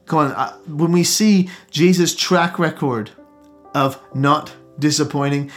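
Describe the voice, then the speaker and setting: A man preaching a sermon with rising emphasis and call-outs to the congregation. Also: fairly high pitch. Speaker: pastor. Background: soft guitar music.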